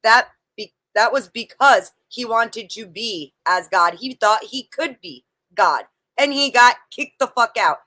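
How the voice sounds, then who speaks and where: A woman's voice: fairly high pitch, lively intonation, measured pace, bright, forceful tone, no room sound, poor audio. A woman on a livestream panel, arguing religion firmly, quoting scripture and swearing now and then. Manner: firm, quotes scripture, swears. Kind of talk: casual religious debate on a livestream.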